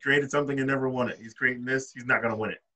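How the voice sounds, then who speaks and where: A man's voice: medium pitch, fairly even intonation, rapid-fire, sharp tone, distant mic. A man co-hosting a casual podcast, laid-back and thinking aloud through his reasons. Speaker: podcast co-host. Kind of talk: casual chat.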